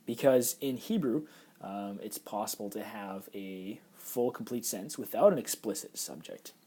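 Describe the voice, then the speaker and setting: A man's voice: fairly low pitch, darkish tone, breathy edge. A man teaching a recorded Hebrew grammar lecture, explaining patiently over slides with frequent fillers.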